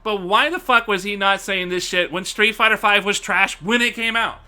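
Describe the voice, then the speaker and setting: A man's voice: high voice, normal speed, bright, forceful tone, clean tone. A man streaming live, ranting casually and profanely to his chat, laughing often.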